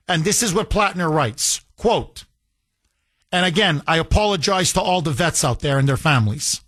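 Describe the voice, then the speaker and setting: Middle-aged male talk radio host, heated and emphatic, bright forceful tone. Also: high voice. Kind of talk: political talk radio monologue.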